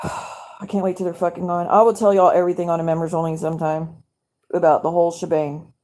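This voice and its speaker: A woman's voice: fairly low pitch, little pitch movement, fast talker, darkish tone. A woman, hosting a casual live stream at home at night. She vents in an angry, profane, rambling way to her viewers.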